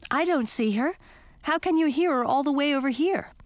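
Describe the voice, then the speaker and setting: A woman's voice: high voice, moderate pace, no echo, pitched above the performer's own voice, natural voice. Storybook heroine frog: earnest, eager young girl, a woman reading, dry close mic. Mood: worried. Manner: eager, wide-eyed questions.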